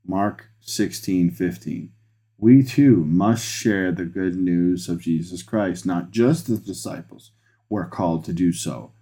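A deep, mellow-toned man preaches as a pastor. He talks earnestly, circles back over his phrases, and lifts his energy when he drives a point home. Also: husky. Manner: earnest, repetitive restarts, rising excitement when making a point. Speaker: pastor, podcast host. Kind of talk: sermon.

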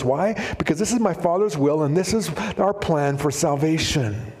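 A man's voice: fairly high pitch, normal speed, darkish tone. A middle-aged man preaching a sermon as pastor, telling stories casually with fillers and acting out the voices he quotes. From Canada. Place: church sanctuary. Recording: long hall reverb in a church.

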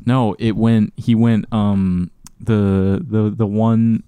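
A man's voice: lowish voice, little pitch movement, slow, mellow, smooth, no room sound. Young male co-host, dry close mic, hesitant casual talker. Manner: hesitant, many fillers and restarts. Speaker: podcast co-host. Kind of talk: casual chat among friends. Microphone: webcam or desk mic on a call.

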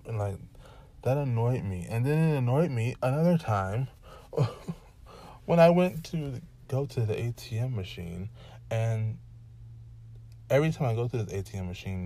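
Here a podcast host with a lowish, darkish voice rants alone on his freestyle show. His exasperated venting spills out in long run-on sentences, speeding up at times and drawing out at others.

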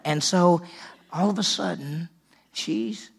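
A man's voice: on the high side, lively intonation, moderate pace, creaky, darkish tone, breathy edge. A man preaching a sermon as senior pastor, telling it in a folksy way and acting out the quotes. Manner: folksy storytelling, acts out quotes.

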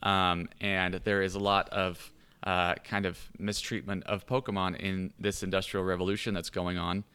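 A man's voice: low voice, level tone, moderate pace, sharp tone, smooth. A man on a casual podcast, eagerly telling his character's backstory with lots of fillers and restarts. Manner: rambling storyteller, many fillers. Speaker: player describing his character.

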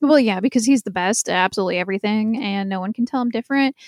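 A woman co-hosting a casual chat podcast, recapping a TV episode in a chatty, animated way and laughing often. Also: mid-range voice, very fast, dry recording, clean studio sound. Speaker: podcast co-host.

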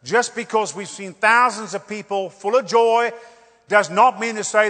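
A man preaching a revival sermon, animated and joking, repeating phrases for emphasis. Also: high voice, a little slow, in a large hall.

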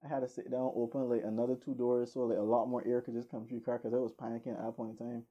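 A woman hosting a podcast, telling a story in a casual, animated way and acting out the voices of the people in it. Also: a bass voice, racing, highs cut off. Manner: animated, acts out voices in stories. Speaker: podcast host.

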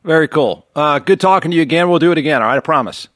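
A male host with a high voice that swings a lot in pitch chats easily with his guest. He laughs along and asks follow-up questions. The sound is close and dry. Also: animated, racing, no echo. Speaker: show host. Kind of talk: casual interview chat.

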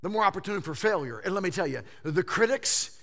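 A fifty-something man delivers a sermon in a bright, fairly high voice. His delivery is highly animated, dropping to hushed asides and then climbing to loud emphatic peaks. He stammers and repeats words when he presses a point. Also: quick pace. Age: 50s. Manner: animated preaching, swinging from hushed lows to loud exclamations. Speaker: pastor.

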